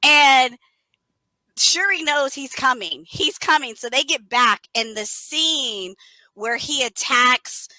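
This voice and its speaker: A woman co-hosting a podcast in casual chat, animated and acting out her own reactions. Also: high voice, takes it slowly, dry recording. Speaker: podcast co-host.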